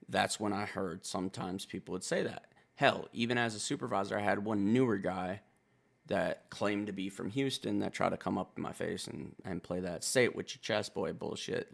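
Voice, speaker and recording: Male reaction host from Wisconsin, husky and laid-back, loose profane commentary. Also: on the low side.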